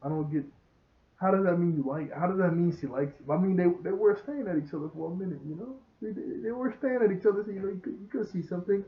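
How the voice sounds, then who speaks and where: A man giving a casual, rambling episode review. He gets excited, laughs often and retells scenes as he goes. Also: sits high, fast. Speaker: show reviewer. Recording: roomy, dull lo-fi sound.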